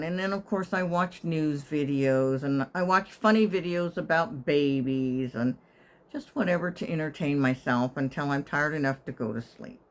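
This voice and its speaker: An older woman living in assisted living, telling a wry, chatty story to her channel and sometimes whispering her inner thoughts. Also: low voice. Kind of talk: casual storytelling to camera.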